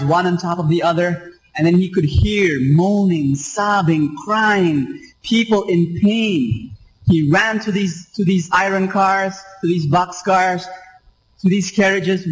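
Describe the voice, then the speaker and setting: A man's voice: high voice, rough recording. A man preaching a sermon, emphatic and repetitive, asking the congregation rhetorical questions. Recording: radio live stream.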